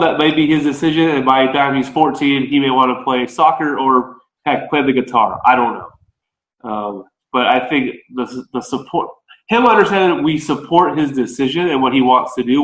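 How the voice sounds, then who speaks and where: A man with an American accent, a baseball coach, talking through his ideas in a relaxed, conversational way as a podcast guest. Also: medium pitch, normal speed, reverberant, low-quality recording. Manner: relaxed, conversational, thinking aloud. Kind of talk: podcast interview.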